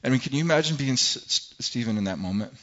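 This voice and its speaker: A man's voice: mid-range voice, fast, highs cut off. A man preaching a sermon to a congregation, retelling a scripture story with dramatic quotes that rise in force, often repeating words as he goes. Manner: animated preaching, rising loud when quoting scripture, stumbling repeats. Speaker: pastor.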